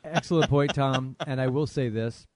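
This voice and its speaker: Male co-host, playful banter, middle pitch, dry close sound. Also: moderate pace, no room sound. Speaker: podcast co-host. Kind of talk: casual podcast chat.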